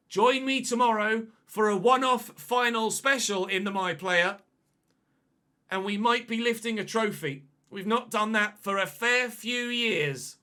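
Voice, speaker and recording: A man commentating his own football video game match, excitable and shouting at goals, his voice going hoarse. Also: sits high. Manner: shouts and celebrates goals, then chats calmly. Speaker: gaming commentator. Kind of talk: excited live gameplay commentary.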